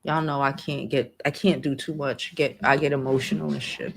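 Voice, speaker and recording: A woman's voice: sits low, normal speed, creaky, hardly any pauses. Emphatic woman hosting a livestream. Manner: emphatic, emotional, swears freely. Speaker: livestream host. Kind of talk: casual livestream commentary.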